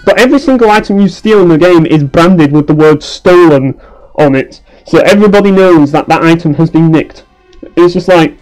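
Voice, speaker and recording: A man's voice: on the high side, moderate pace, a little mellow, faint music behind, low-quality recording. A young man giving sarcastic, sweary commentary while playing a game. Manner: ranting, swears a lot, sarcastic. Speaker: let's play commentator. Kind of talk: casual gameplay commentary.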